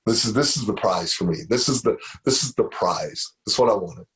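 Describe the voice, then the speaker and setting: A man's voice: lowish voice, lively intonation, brisk, fairly bright tone. A middle-aged man giving a motivational speech on stage, telling stories and repeating phrases for emphasis. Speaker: motivational speaker.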